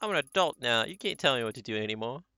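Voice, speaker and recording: A hurt young woman confronts her family, defiant and accusing, read by a man in his ordinary voice. The tone is very bright. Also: medium pitch, animated, fast, clear, resonant tone, dry recording, faint music behind. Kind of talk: reading game dialogue aloud.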